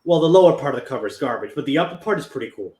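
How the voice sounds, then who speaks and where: A man's voice: medium pitch, expressive, rapid-fire, mellow, reverberant. A man co-hosting a casual comics chat, blunt and mocking in his reactions. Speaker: co-host, comic creator.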